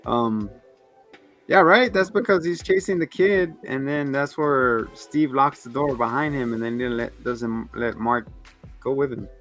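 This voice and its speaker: A man's voice: medium pitch, a little slow, fairly bright tone, soft background music. A man co-hosting a casual review podcast, rambling through a recap, laughing often and acting out lines. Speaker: podcast co-host.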